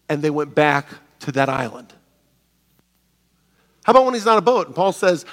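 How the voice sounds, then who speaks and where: A man with a high, bright voice preaches with bursts of humor, putting on voices for the characters in his anecdotes. His words ring out with the long reverb of a church sanctuary. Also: fairly quick. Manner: animated, joking, acts out voices of people in his stories. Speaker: pastor. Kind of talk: sermon.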